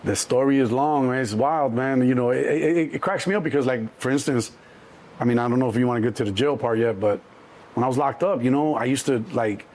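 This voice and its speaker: A middle-aged man from Chicago, a guest telling animated street stories, acting out the voices in the quotes and swearing freely. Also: medium pitch, fairly quick. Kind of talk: storytelling interview.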